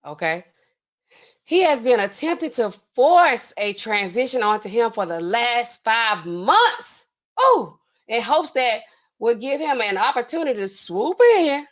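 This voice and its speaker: A woman with a fairly high voice hosts a casual livestream. She talks in an animated way, laughs often, and acts out what other people said in exaggerated voices. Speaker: pharmacist livestream host.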